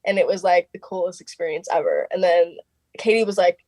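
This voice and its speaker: A young woman, a singer being interviewed, telling her story in a chatty casual way, full of "like" and quick quoted asides. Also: fairly low pitch, no room sound. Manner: chatty, fillers of "like" throughout, quoting others in lively bursts.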